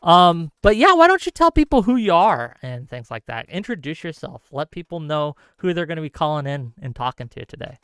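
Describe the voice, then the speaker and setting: Animated, heated man hosting a call-in. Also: a little high, fairly quick, few pauses, clean tone, dry recording, studio quality. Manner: heated and argumentative, rants at length. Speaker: call-in show host. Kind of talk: live call-in show hosting.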